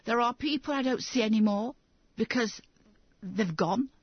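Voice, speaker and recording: Middle-aged English woman, interview guest, husky voice, emphatic storyteller, dry lo-fi sound. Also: on the high side, moderate pace, no room sound. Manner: emphatic, acts out others' lines when quoting. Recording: dull lo-fi recording.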